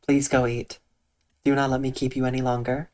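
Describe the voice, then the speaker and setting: A streamer chatting calmly and softly with viewers on a live stream, using eloquent diction and a dry, deadpan delivery. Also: medium pitch, brisk. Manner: soft, calm tone with eloquent diction. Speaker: Twitch streamer. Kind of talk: casual livestream chat reading out viewer comments.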